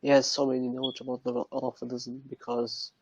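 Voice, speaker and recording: Young male guest from Germany, gravelly and raspy, halting English, dry dull lo-fi line. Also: medium pitch, monotone, no echo. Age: young adult. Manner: halting non-native English with Arabic phrases. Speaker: interview guest. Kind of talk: online interview.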